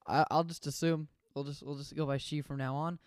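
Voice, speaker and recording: A man co-hosting a casual chat recap of an anime, blunt and opinionated and quick to swear. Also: on the high side, level tone, clear, resonant tone, no echo, clean studio sound. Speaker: podcast co-host.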